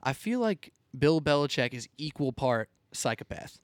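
A man's voice: fairly high pitch, very animated, normal speed, no echo. A young man hosting a sports talk show, chatting casually, laughing easily and drawing out his words.

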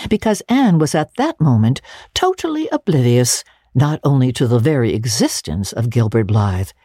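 Casting: woman narrator, dramatic reading of a classic, husky and lively. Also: very deep voice, no room sound, clean studio sound. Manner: expressive, storytelling delivery.

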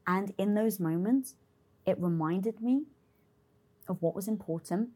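A woman's voice: medium pitch, a little slow, slightly rough. A young adult woman in an interview, telling a candid personal story with lots of swearing and acted-out inner dialogue. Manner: expressive, swears freely, acts out her own inner dialogue. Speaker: interview guest.

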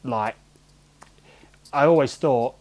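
A man's voice: mid-range voice, takes it slowly, darkish tone, poor audio. A man, a former goalkeeper, chatting as a guest in an interview and telling stories in a rambling, conversational way with many restarts. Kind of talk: casual storytelling in an interview.

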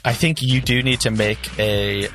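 A man's voice: medium pitch, steady tone, a little slow, a bit bright, faint music behind. A man running a tabletop game as game master, explaining rules with hesitant restarts.

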